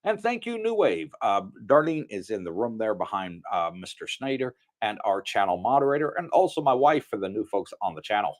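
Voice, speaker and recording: A man's voice: lowish voice, very animated, brisk, hardly any pauses. A man hosting a casual livestream from his home, greeting viewers by name and chatting about news. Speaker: livestream host. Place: home in Thailand.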